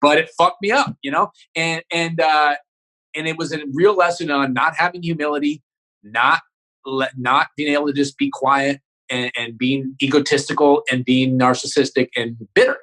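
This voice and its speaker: A man's voice: on the high side, steady tone, normal speed, pushed and bright, rough recording. A man who is a comedian guest on a podcast, telling a story in casual chat, rambling and swearing with many restarts.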